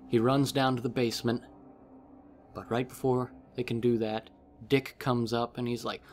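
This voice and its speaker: A man's voice: mid-range voice, flat delivery, moderate pace, soft background music. A man rambling casually through a book recap as a vlogger, with many fillers.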